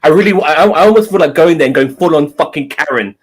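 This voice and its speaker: A man's voice: fairly high pitch, quick pace, breathy edge. A man co-hosting a live stream, ranting and swearing heavily in casual chat. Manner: swears a lot, exasperated ranting. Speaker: co-host.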